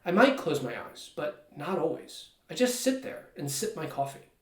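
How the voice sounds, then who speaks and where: A middle-aged man, a stress and well-being coach, talking in a relaxed, conversational, self-deprecating way. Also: a little high, moderate pace. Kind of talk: calm personal talk to camera. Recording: echoey room, mic at a distance.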